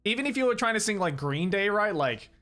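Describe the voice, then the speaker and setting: Animated Australian man chatting with his stream. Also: high voice, fairly quick, faint music behind. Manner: animated, swears a lot, laughs often. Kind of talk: casual chat. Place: studio, indoors.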